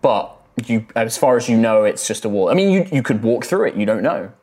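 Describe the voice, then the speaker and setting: A man's voice: medium pitch, big pitch swings, a little fast, darkish tone, faint music behind. A man narrating a tabletop game as game master, describing the action with many hedges. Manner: descriptive, hedging with "kind of".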